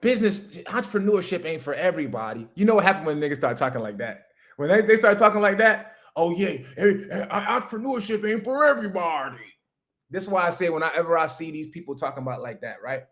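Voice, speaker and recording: This male business coach, streaming live, talks fast in a fairly high, slightly bright, animated voice. His emphatic, profanity-laced motivational rant about business is aimed straight at the viewers in his chat.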